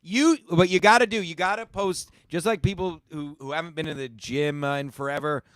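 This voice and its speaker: A man's voice: a little high, steady tone, brisk, fairly bright tone, clear, resonant tone, no echo. Teasing mock-earnest man podcaster. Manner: teasing, mock-earnest, asks leading questions. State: coughing. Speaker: podcast co-host. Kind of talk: casual podcast banter.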